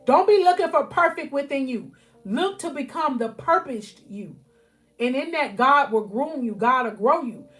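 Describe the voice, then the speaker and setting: High-voiced woman preaching encouragement live. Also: expressive, moderate pace, fairly bright tone, faint music behind. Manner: fervent, repeats phrases, keeps addressing listeners as y'all. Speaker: life coach. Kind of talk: motivational live-stream preaching. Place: at home, near her bed.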